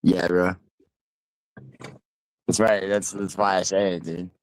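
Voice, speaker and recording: A man's voice: low voice, level tone, slow pace, dry recording, low-quality recording. A man streaming a casual panel chat, talking in a profane, rambling way with lots of restarts.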